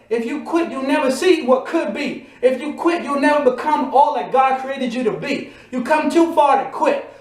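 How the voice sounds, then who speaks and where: A man preaching a motivational sermon, building to emphatic repeated refrains. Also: very high voice. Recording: echoey room.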